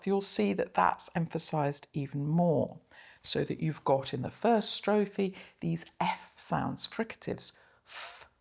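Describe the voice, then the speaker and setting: Woman lecturer, middle-aged, gravelly, lively intonation, reflective poetry analysis. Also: on the low side. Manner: reflective, reading German lines slowly.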